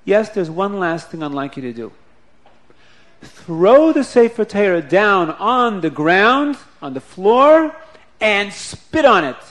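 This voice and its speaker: Sex: man. Figure: deliberate, insistent rabbi voiced by a male storyteller. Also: on the high side, expressive, natural voice. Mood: stern. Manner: measured, deliberate requests.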